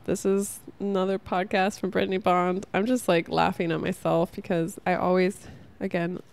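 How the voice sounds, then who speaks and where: A woman's voice: on the low side, little pitch movement, moderate pace, creaky, a little mellow. A young woman hosting a casual spiritual podcast, talking in a rambling, heartfelt way and saying "like" a lot. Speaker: podcast host.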